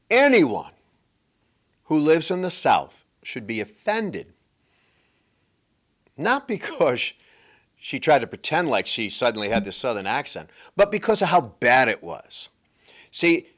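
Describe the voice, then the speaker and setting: A man hosting a political commentary show, delivering an emphatic, sarcastic monologue. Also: mid-range voice. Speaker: host.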